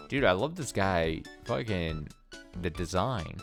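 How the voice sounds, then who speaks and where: A man's voice: deep voice, lively intonation, slow, faint music behind. A man giving casual gameplay commentary while reading through a story game, rambling, swearing and poking fun at himself. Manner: swearing, self-deprecating, rambling. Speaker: let's player.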